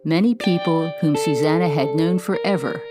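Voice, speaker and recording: A woman host giving measured, scripted narration of a story. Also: deep voice, over loud music.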